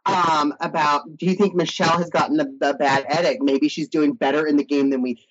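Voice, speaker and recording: A man's voice: on the high side, steady tone, fairly quick, fairly bright tone. A man co-hosting a casual recap chat, playful, reading out comments from the chat. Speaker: podcast co-host. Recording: dull lo-fi audio.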